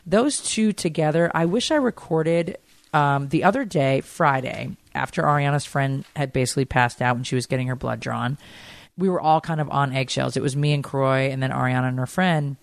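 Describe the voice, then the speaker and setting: A middle-aged woman co-hosting a podcast, telling stories in animated, chatty conversation. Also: rumbling low, normal speed, gravelly, no echo. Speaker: podcast co-host. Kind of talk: casual chat.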